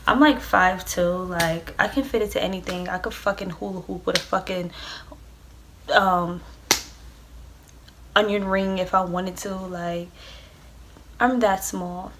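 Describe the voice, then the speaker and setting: A woman's voice: fairly low pitch, fairly even intonation, unhurried, pauses often, fairly bright tone, a little hiss or hum. A young adult woman vlogger telling a storytime tale, rambling and swearing, with lots of "like". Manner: rambling, profane, filled with "like". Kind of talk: storytime vlog.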